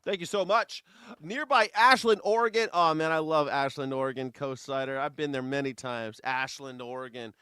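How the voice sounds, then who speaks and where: A man's voice: medium pitch, normal speed, sharp tone, smooth, no echo. A man hosting a live news reaction show, talking in a sarcastic, rambling, jokey way. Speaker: host.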